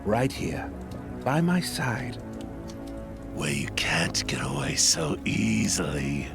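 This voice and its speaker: A man voicing a sinister male villain who coaxes in a low, sly, menacing way. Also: very animated, slow pace, gravelly, music in the background, full character voice.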